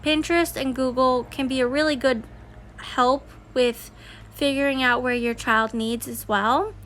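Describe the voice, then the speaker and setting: A homeschooling mother speaks casually to her viewers, candid and chatty, full of "like" and "kinda." Her voice sits high and sounds bright and forward. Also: steady tone, a little slow, slight background noise. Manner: candid, chatty storytelling with many fillers. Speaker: homeschooling parent and consultant. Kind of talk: casual personal vlog talk.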